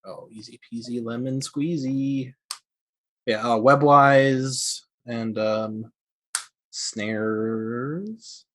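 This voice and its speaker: A man's voice: mid-range voice, fairly even intonation, drawn-out words, a bit bright. A man playing a tabletop role-playing game, asking playful questions about the rules. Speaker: player. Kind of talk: casual tabletop game play.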